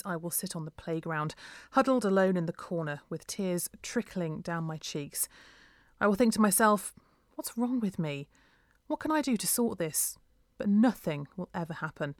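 A woman's voice: lowish voice, dry recording, clean studio sound. A woman reading a first-person story aloud in an earnest, emotional way.

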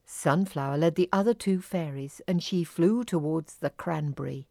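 A woman reading a children's fairy story aloud, slowly and carefully. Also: low-pitched, gravelly, warm tone, dry recording, clean studio sound.

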